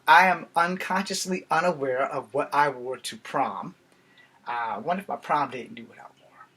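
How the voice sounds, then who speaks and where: A man's voice: a little high, fairly bright tone, husky. A man in his forties with an American accent, giving a rambling, self-deprecating vlog monologue. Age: 40s. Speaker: vlogger. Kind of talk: casual monologue to camera.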